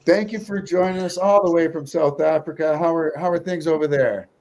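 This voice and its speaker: A man's voice: fairly high pitch, a little fast, a little mellow. A man hosting an interview show over a video call, with a jokey, playful way of talking. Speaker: show host. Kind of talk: casual interview chat.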